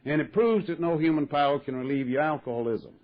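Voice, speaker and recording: A man's voice: on the high side, fast. An older man, telling his recovery story with folksy wry humor. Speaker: AA speaker. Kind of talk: recovery talk to an audience. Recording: muffled vintage tape recording.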